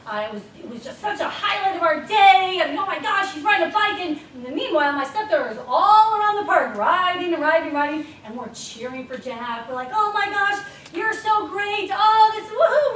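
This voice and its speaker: High, lively woman telling stories to a crowd. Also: moderate pace, hardly any pauses, a little hiss or hum. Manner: animated storytelling with frequent laughs. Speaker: speaker. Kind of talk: motivational talk to an audience. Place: event room with an audience. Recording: echoey room, voice from a distance.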